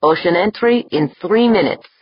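A businesslike male pilot calls out the countdown in steady, clipped announcements, read by a woman. The voice is low and husky. The close, dry audiobook sound is slightly muffled. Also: moderate pace, no room sound. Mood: calm. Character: Dorn, male ship pilot, calm and businesslike.

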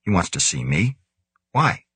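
A man's voice: low voice, very animated, unhurried, fairly bright tone, husky, dry recording, full character voice. A man reading the part of an earnest, curious young male newcomer aboard a space station. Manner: earnest, questioning.

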